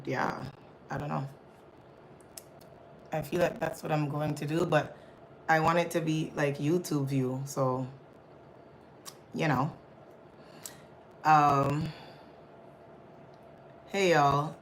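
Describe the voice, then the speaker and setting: Low-voiced flustered woman live-streaming. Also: slight background noise, low-quality recording. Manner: chatty, flustered, often addresses viewers as y'all. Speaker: livestream host. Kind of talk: casual live-stream chat. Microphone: phone camera.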